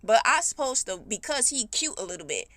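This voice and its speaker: A woman hosting a podcast, telling a personal story in a blunt, heated, animated way with speech. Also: a little high, brisk, a little hiss or hum. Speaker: podcast host. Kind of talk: casual storytime monologue.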